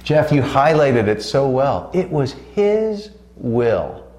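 A man's voice: medium pitch, big pitch swings, darkish tone. A man preaching on a Christian talk show, fervent and emphatic, stretching out his key words. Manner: fervent, drawn-out emphatic delivery. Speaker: co-host preacher. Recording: roomy echo.

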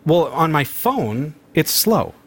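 A man's voice: on the high side, big pitch swings, slow pace, husky. Chatty upbeat male host. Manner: chatty, upbeat, restarts sentences often. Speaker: host demonstrating smart speakers. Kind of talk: casual studio chat.

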